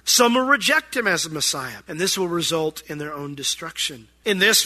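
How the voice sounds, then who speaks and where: A pastor delivers a relaxed, conversational sermon, now and then acting out everyday scenes. His voice sits high for a man and sounds strikingly bright and clear. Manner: conversational preaching with acted-out asides.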